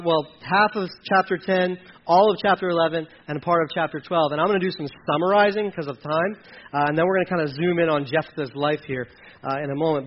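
A man's voice: sits high, dull audio, a little hiss or hum. A man teaching a sermon in a conversational way, reading scripture aloud between plain explanations with fillers and restarts. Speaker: preacher.

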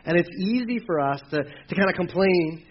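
A man preaching a sermon in a conversational, animated way, acting out the voices of people he quotes. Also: high-pitched, moderate pace, slightly rough, highs cut off. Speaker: pastor.

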